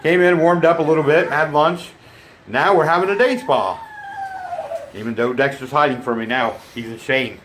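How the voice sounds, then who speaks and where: A man's voice: fairly high pitch, normal speed, noisy background. A man vlogging casually from home, rambling chattily and cooing at his dogs. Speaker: vlogger and homesteader. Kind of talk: casual chat to camera. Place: home indoors.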